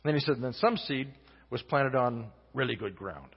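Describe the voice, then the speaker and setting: A man's voice: mid-range voice, animated, husky. Man preaching in a big echoey church. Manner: earnest, halting, many restarts, swings between loud and soft. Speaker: guest pastor. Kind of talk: sermon. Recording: muffled sound in a reverberant hall.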